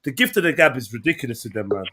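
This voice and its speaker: A man hosting a live stream, telling stories in lively slang and laughing often. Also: medium pitch, very fast, husky. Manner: animated storytelling, slangy, laughs a lot. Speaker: stream host. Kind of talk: casual chat on a live stream.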